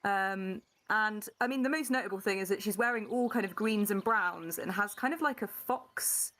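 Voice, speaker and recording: A woman's voice: mid-range voice, moderate pace, fairly bright tone. Chatty woman describing her character. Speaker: player. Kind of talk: casual chat.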